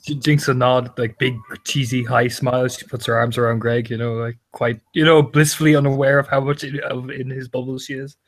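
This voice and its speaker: A man's voice: medium pitch, level tone, fairly quick, few pauses. A man playing a tabletop role-play game, describing his character in a casual, giggly, loose way. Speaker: player.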